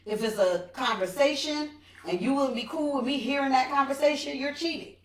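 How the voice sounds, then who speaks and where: A woman's voice: high voice, fairly quick. A woman co-hosting a podcast, chatting casually and acting out quoted remarks. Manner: animated, acts out quoted remarks. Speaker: podcast co-host. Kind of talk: casual chat. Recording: echoey room, mic at a distance, faint noise.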